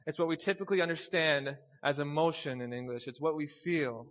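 A man's voice: fairly high pitch, brisk, big-room sound, highs cut off. A man preaching a sermon, teaching earnestly, reading scripture aloud and posing rhetorical questions.

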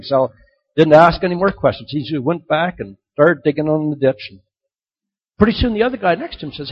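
A man preaching a sermon, telling stories and swinging between loud emphasis and soft, quiet drops. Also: a little high, animated, a little fast, breathy edge. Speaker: pastor. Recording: dull lo-fi recording.

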